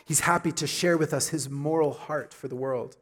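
A middle-aged male pastor delivering a sermon, his voice sitting a little higher than most men's. He presses each point hard, repeats his key lines for weight, and climbs to loud, ringing peaks. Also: steady tone, moderate pace. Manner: emphatic preaching, repeats key phrases, rises to loud climaxes.

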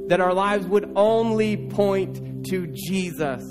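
A pastor preaching a sermon in an earnest, urging way, building through repeated phrases. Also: male voice, high voice, slow, over music.

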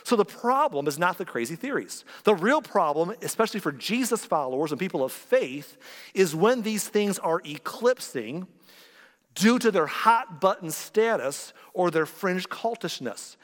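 A man preaching a conversational sermon as pastor, animated and playful, with joking asides and quick impressions of other people. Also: high-pitched. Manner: animated, joking asides, acts out quoted voices. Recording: long reverb of a large hall.

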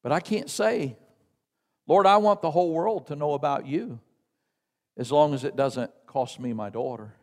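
A man with a Southern American accent preaching an emphatic sermon as a missionary, calling out to the congregation and building toward near-shouts. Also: on the high side. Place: church sanctuary. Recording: long hall reverb in a church.

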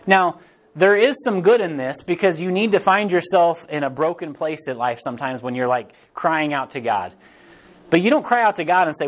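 A man's voice: high-pitched, expressive, moderate pace. A young man teaching a Bible class in a casual, conversational way, repeating phrases and acting out the voices he quotes.

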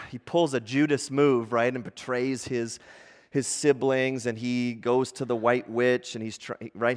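A male pastor preaches in an animated way, his voice rising in intensity as he reads aloud. His pitch sits in the middle of the male range. The long reverb of a large hall trails after his words. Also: clear, resonant tone. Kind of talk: sermon.

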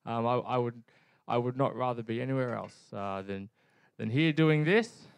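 A man's voice: mid-range voice, normal speed, vocal fry, clear, resonant tone, no echo. A man with an Australian accent, co-hosting a church teaching show, eager and stammering a little on restarts. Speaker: co-host. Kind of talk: casual church teaching chat.

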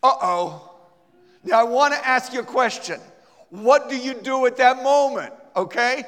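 A man with an extremely high, slightly bright voice speaks a little slowly while teaching a church class. He keeps things casual and acts out small scenes with a volunteer, and the church hall recording is reverberant.

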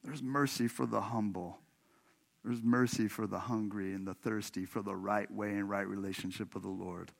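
With a low, gravelly, steady voice at a moderate pace, a Washington state pastor delivers a sermon in a church sanctuary. He tells a personal story chattily to the congregation, addressing them directly and laughing often.

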